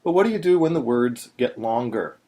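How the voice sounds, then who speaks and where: A man's voice: medium pitch, expressive, a little fast, mellow. A man teaching Torah chanting in a plain, patient voice, stopping to sing short chanted examples. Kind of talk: instructional video narration.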